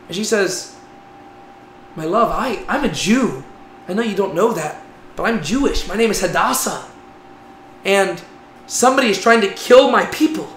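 A man's voice: sits high, animated, normal speed, long pauses, fairly bright tone. A man teaching a Bible class in a conversational way, often checking in with "right?". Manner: conversational, frequent "right?" tags. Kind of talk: casual Bible class lecture. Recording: echoey room with faint noise.

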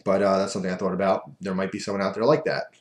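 A man's voice: deep voice, level tone, very fast. A man casually telling a rambling, self-amused story as a vlogger, recorded in an echoey room.

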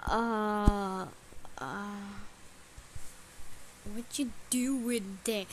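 A woman hosting a gacha role-play, making quiet, puzzled asides. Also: fairly high pitch, expressive, extremely slow. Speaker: role-play channel host.

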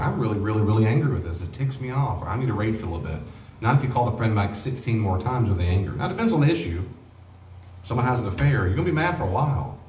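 Fast-talking man teaching in an echoey room. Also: on the low side, recorded from a distance, a little hiss or hum. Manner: animated, acts out dialogues with children. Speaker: pastor teaching a grief study. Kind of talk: informal teaching talk.

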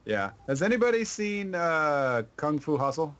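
Brief: young male gaming co-host, jokey, laughs a lot, a touch high-pitched. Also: big pitch swings, measured pace, a bit bright. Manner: joking, laughs often, breaks into sung lines. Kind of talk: casual gaming chat.

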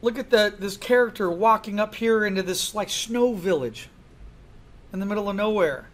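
Animated man lecturing a class, high voice. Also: normal speed. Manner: animated, asks the class many questions. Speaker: art instructor.

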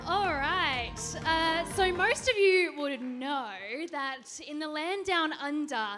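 Woman, Australian accent, pageant contestant, self-mocking, high voice. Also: slow, fairly bright tone, faint music behind. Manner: nervous, self-mocking, joking. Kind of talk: stage introduction before a performance.

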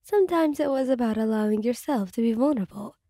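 A woman narrating an ASMR fanfic in a calm, even second-person storytelling voice. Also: fairly high pitch, fast talker, no echo, studio quality.

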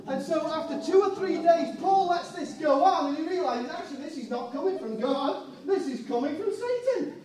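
A man's voice: extremely high pitch, lively intonation, normal speed, few pauses, a crowd in the background. A man preaching a sermon, telling a story and acting out the people in it. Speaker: pastor. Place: church hall. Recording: echoey church hall, mic far off.

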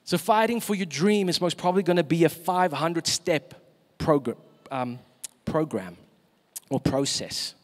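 A man's voice: fairly high pitch, animated, unhurried, long reverb tail. A man preaching a sermon in a church, emphatic and asking the congregation questions.

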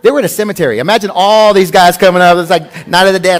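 A man's voice: sits high, rapid-fire. A man preaching a sermon as pastor, mixing scripture reading with conversational, humorous personal stories. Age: adult with a wife. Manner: conversational, animated storytelling with humor.

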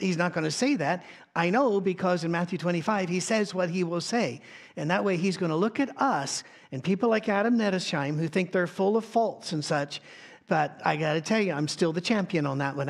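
Male pastor, slightly high voice, conversational sermon with frequent restarts, on a church sound stage. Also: a little fast, creaky.

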